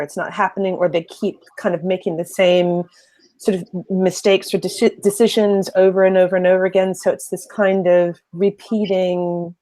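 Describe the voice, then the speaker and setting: A woman from Philadelphia with a mid-Atlantic accent, a spiritual coach calling in with a question, speaking thoughtfully with many pauses and ums. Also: lowish voice, a little mellow. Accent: mid-Atlantic, American mixed with British. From Philadelphia, United States. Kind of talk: live call-in question.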